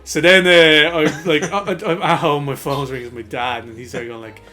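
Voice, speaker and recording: A man co-hosting a casual podcast, telling a long story with plenty of laughter. His voice sits a bit higher than most men's. Soft guitar music runs in the background. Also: steady tone, normal speed. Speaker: podcast co-host.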